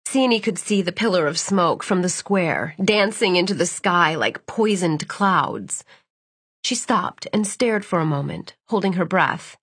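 Breathy woman reading a novel aloud. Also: on the low side, expressive, a little slow, fairly bright tone, no room sound. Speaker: audiobook narrator. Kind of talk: scripted narration.

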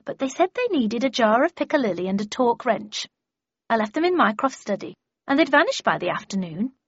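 A woman voicing an indignant middle-aged mother who shouts in outrage at the damage to her garden. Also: sing-song, brisk, husky, no room sound, dull audio. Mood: chatty. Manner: shrill, outraged exclamations.

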